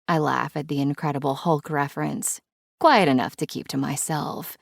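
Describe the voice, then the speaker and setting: A woman's voice: deep voice, animated, unhurried, vocal fry, no room sound, studio quality. A woman narrating a romance audiobook in first person, wry and conversational.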